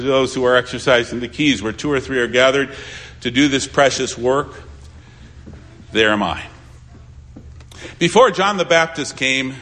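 A man preaching a sermon as a pastor, pleading and swinging between loud appeals and hushed asides. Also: a little high.

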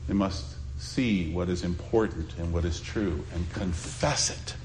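A man preaching a sermon as a pastor, pleading and swinging between loud appeals and hushed asides. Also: sits low, unhurried, a little hiss or hum.

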